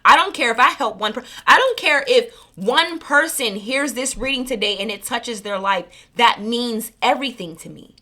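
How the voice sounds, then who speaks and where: In a casual, earnest monologue, a spiritual reading channel host addresses her viewers, rambling and fixing her words along the way. She speaks at normal speed with few pauses, her slightly high voice lively, bright, and forceful.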